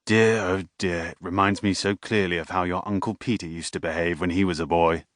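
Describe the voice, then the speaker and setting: A man's voice: low-pitched, fairly even intonation, a little fast, a bit bright, no echo, clean studio sound. A man voicing a stocky, fussy father in his early fifties who chides his son in a reproachful way.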